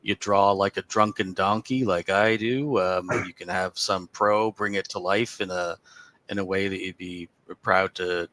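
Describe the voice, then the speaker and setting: A man, a comic creator and guest, pitching his book in a wry, self-deprecating way. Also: steady tone, unhurried, fairly bright tone. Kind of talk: livestream chat.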